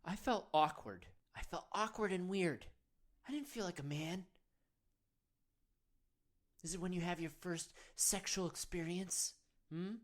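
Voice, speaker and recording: A man's voice: sits high, a little slow, long pauses. A man playing a self-serious male men's-wellness guru, leading a parody of a guided meditation in an earnest, coaxing, rambling way.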